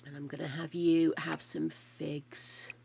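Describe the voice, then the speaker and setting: A woman's voice: low-pitched, little pitch movement, slow pace, creaky, darkish tone, slight background noise. An older woman streaming a life-simulation game, chatting casually to her characters and her viewers, with the odd bit of mild swearing. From United Kingdom.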